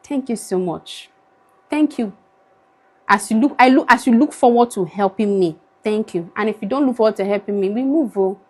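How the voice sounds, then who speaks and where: A woman's voice: medium pitch, moderate pace. A young Nigerian woman with a Nigerian accent, pleading wearily into her phone camera in an emotional vlog, slipping into Pidgin now and then. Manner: pleading, weary, switches into Pidgin. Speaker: vlogger.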